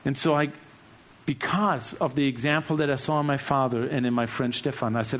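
A German-accented man tells his testimony in an earnest sermon style. His voice sits a little high for a man. He drops to near-hushed lines and then breaks into loud bursts. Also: normal speed. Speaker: speaker giving testimony.

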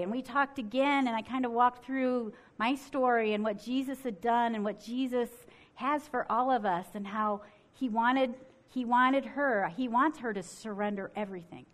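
A middle-aged woman telling a personal faith story in an earnest, conversational way, full of restarts and "like.". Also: a little high. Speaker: speaker sharing a faith story.

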